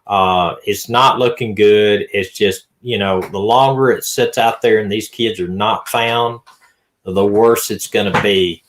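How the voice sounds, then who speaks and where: A man hosting a live stream in a relaxed, folksy, reassuring way. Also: lowish voice, a little slow. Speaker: live-stream host, retired detective. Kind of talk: casual live-stream chat.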